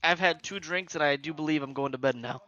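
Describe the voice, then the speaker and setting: A man's voice: a little high, fast talker, bright, forceful tone, dry recording. A laid-back man dropping in on a gaming stream, chatting casually while he is losing his voice. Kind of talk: casual chat. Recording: dull, dry lo-fi mic.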